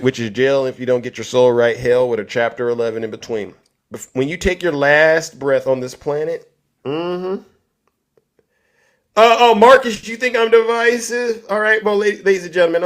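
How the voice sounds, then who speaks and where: A man's voice: sits high, a bit bright. A man delivering a combative, preachy commentary rant, taunting his listeners. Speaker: political commentator. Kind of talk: ranting online commentary.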